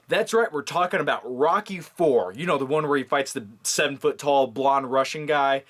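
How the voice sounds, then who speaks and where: A man's voice: mid-range voice, normal speed, few pauses, fairly bright tone. A man in a casual, comedic movie vlog, jokey and rambling with lots of fillers. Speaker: movie vlogger.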